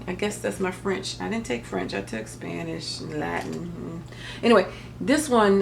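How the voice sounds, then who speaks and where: This crafting vlogger, a middle-aged woman, speaks at a normal speed in a lowish, creaky voice as she casually shows off her craft paper haul. Her talk rambles along with joking asides, and slight background noise can be heard.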